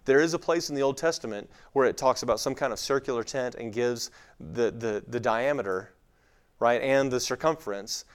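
This man from West Texas has a light regional accent and a medium-pitched, clean voice at a normal pace. He gives an informal Bible lecture to a live audience, speaking conversationally with lots of fillers and acting out the voices he quotes.

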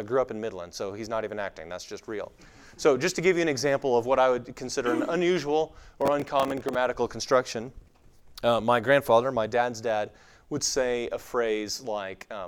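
With a smooth mid-range voice, this lightly accented West Texas man teaches on the Bible in an informal lecture before a live audience. He keeps it conversational, leaning on frequent fillers and voicing quoted characters dramatically.

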